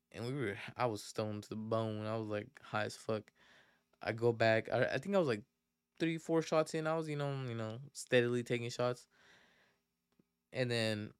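A man's voice: medium pitch, clear, resonant tone, dry recording, studio quality. A young man hosting a podcast, telling a story casually in slang with lots of fillers and restarts. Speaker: podcast host.

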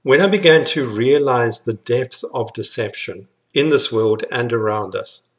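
A man's voice: mid-range voice, a little slow. A man preaching a sermon in an earnest, emphatic way, often repeating words for weight. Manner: earnest, repetitive emphatic phrasing.

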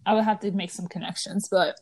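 Her mid-range voice runs a little fast as this twenty-something woman co-hosts a podcast in casual conversation. She's animated, laughing frequently and using many fillers and restarts.

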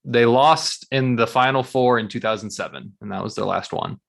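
A man's voice: mid-range voice, moderate pace, vocal fry, fairly bright tone. A young man co-hosting a sports podcast, chatting casually and laughing as he reads off stats. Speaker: podcast co-host.

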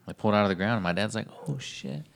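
Low gravelly dude on a podcast, swears a lot, loose rambling stories. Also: male voice, rapid-fire, a little hiss or hum. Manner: loose storytelling with heavy swearing and slang. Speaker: podcast co-host. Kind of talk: casual chat.

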